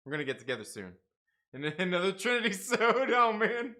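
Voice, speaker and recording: Animated man hosting a live chat. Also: a little fast. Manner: animated, laughs often, swings from loud to low. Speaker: livestream host reading chat. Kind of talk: casual livestream chat.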